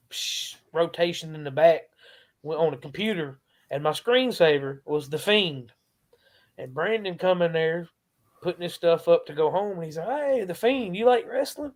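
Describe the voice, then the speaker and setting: A man with a high voice for his sex talks as a podcast guest. He tells stories in an animated, slangy way and laughs often. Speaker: guest wrestling promo performer. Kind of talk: casual podcast interview.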